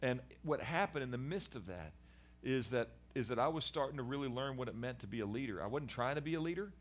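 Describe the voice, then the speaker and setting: A middle-aged man, a guest in a conversation, giving a candid personal testimony about his past in an animated, earnest way with frequent restarts. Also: mid-range voice, fast. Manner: animated storyteller, acts out voices of people in his story. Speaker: guest sharing his life story.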